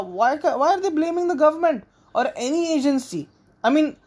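A young adult from India, hosting a casual solo podcast in a rambling, frank, sometimes profane manner. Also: medium pitch. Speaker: podcast host.

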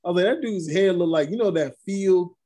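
A man with a somewhat high voice co-hosts a relaxed sports chat. He tells stories with energy and acts out other people's lines as he goes. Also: a little fast. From Brooklyn. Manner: animated storytelling, acting out quotes. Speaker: podcast co-host.

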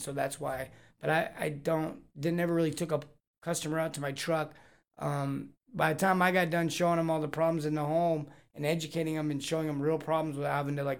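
A man hosting a live Q&A podcast, joking and rambling with lots of energy. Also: fairly high pitch. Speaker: podcast host. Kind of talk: casual live Q&A chat.

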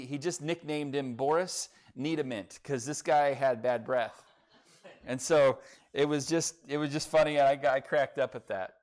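A middle-aged man, a pastor giving a sermon in a church in a conversational, folksy way, telling a humorous family story. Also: mid-range voice.

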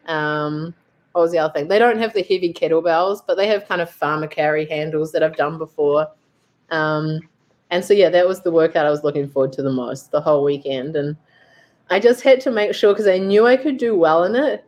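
A woman's voice: deep voice, brisk, darkish tone. A young woman, a fitness coach telling a story in a casual, chatty way and acting out what she thought. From New Zealand. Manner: chatty, lots of "like" and acted-out self-quotes. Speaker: guest, fitness coach and athlete.

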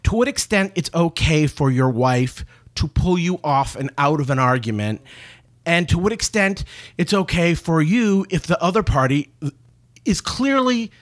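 A man's voice: a little high, unhurried. A man co-hosting a talk show, telling a story in casual chat, laughing and acting out the people in it. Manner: animated, laughing, acts out quoted people. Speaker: podcast co-host.

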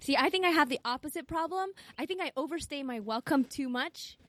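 A woman comedian hosting a podcast, brash and joking with quick comebacks. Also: high-pitched, animated, fairly bright tone, dry recording. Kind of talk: casual chat.

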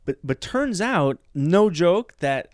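A man co-hosts a comedy podcast, telling long stories with plenty of swearing and frequent laughter. His pitch swings widely as he talks. The sound is dry and close to the mic. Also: very animated, slow pace, darkish tone, no echo. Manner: rambling storyteller, laughs often, swears freely. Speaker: podcast co-host. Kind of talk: casual comedy podcast chat.

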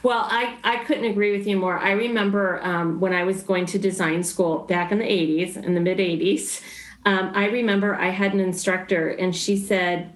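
A woman's voice: medium pitch, steady tone, moderate pace. A woman in her fifties, an interior design guest on a podcast, talking in an easygoing, agreeable way with many fillers. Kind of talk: casual interview chat. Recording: roomy echo.

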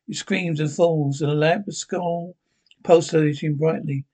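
A man's voice: on the high side, fairly even intonation, a little slow, warm tone. A man reading a script and its stage directions aloud in a plain way, with small slips and restarts.

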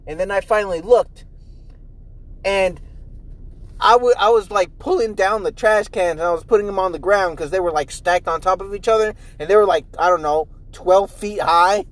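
A young man hosting a casual solo podcast from inside his car, rambling and swearing with animated, profane energy. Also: normal speed, poor audio. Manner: animated, profane, jumps into loud high mimicry. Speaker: podcast host.

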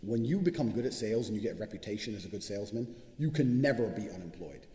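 Brash, fast-talking man in an echoey room. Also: on the low side, lively intonation, dark tone. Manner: brash, boastful, swears constantly. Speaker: vlogger giving money advice. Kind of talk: profane motivational monologue. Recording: echoey room with long reverb.

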